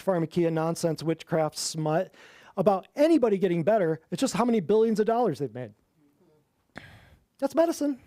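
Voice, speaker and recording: A man with a high voice delivers a mocking monologue, leaning on repeated words for emphasis. The sound is dry and close, with no room around it. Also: warm tone, no room sound. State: winded. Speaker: podcast host. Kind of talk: sarcastic monologue.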